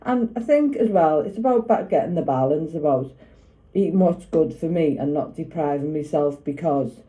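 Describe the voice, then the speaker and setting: In her home kitchen, a middle-aged vlogger talks casually to camera as she cooks, rambling along with plenty of tag questions. She has a low, warm voice, speaks animatedly at a normal speed, and the audio quality is poor.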